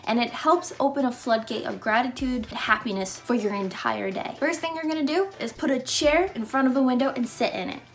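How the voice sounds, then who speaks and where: High-voiced earnest young woman vlogger. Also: a little fast, hardly any pauses, background noise. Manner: earnest and emotional, with playful asides. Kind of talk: casual motivational vlog talk. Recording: faint music behind.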